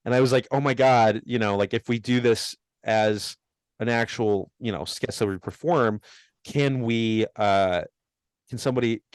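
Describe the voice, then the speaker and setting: A young man rambles through a casual podcast story, laughing often and poking fun at himself. His voice sits at an ordinary pitch, recorded close and completely dry. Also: a little mellow, dry recording. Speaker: podcast co-host. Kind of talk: casual chat.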